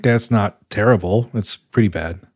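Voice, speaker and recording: A man's voice: fairly low pitch, moderate pace, a little mellow, no echo, clean studio sound. A man co-hosting a podcast, joining in casual teasing banter. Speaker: podcast co-host.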